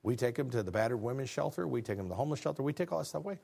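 Pastor, male, 50s, animated sermon delivery with rhetorical questions. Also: medium pitch, very fast, gravelly. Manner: preaching with rhetorical questions and acted-out dialogue.

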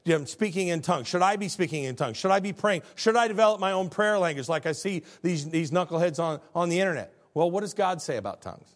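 A man's voice: high voice, lively intonation, fast talker, hardly any pauses. A middle-aged male pastor preaching a sermon to a congregation in a conversational, folksy way, full of rhetorical questions. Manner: defines terms one by one in a plain, folksy way. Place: church service before a congregation.

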